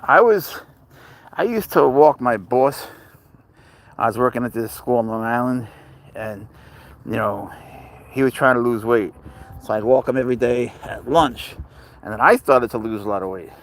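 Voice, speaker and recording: A man hosting a live stream outdoors at night on a phone, rambling and joking with viewers while talking softly to his cat. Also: mid-range voice, normal speed, long pauses, a little hiss or hum. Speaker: livestream host. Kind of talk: casual live-stream chat.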